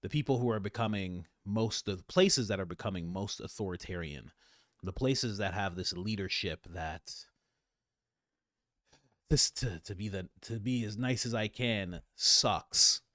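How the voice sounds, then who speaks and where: A man rambles through casual political commentary, full of fillers and restarts. His pitch leaps and dips expressively, and the sound is dry and close with no room echo. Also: measured pace. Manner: rambling, animated, many fillers.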